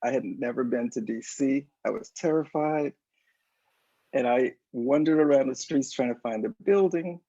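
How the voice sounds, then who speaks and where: A man as a guest in an interview, telling stories in a lively way and acting out the voices of people he quotes. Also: medium pitch, moderate pace, no echo. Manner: animated storyteller, acts out quoted voices. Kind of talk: storytelling in a casual interview. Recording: dull lo-fi sound.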